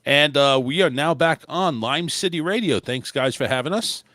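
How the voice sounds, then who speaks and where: A man's voice: on the high side, expressive, moderate pace, pushed and bright, no echo, clean studio sound. A man hosting a casual talk show, rambling with restarts and the odd curse. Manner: loose, rambling delivery with frequent restarts and mild swearing. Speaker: podcast host. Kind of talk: casual chat.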